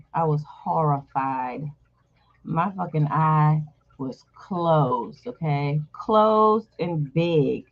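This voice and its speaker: A woman host casually telling a personal story to her viewers, candid and blunt, swearing freely. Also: deep voice. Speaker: channel host. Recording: dull lo-fi recording.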